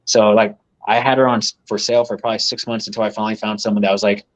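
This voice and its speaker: A man, a reptile breeder, sits in as a guest on a live podcast and tells casual, rambling stories laced with swearing, laughing along at his own anecdotes. His voice is lowish and level, delivered very fast. Recording quality is low.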